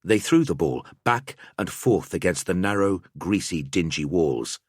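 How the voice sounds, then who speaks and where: A man narrating an audiobook in a measured storytelling manner. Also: low-pitched, animated, husky, no room sound, clean studio sound.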